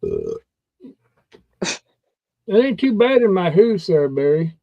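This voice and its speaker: A man's voice: high voice, wildly swooping pitch, slow pace, vocal fry, dry recording, phone-quality sound. A man co-hosting a live chat, teasing and repeating words for laughs. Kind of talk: joking casual chat.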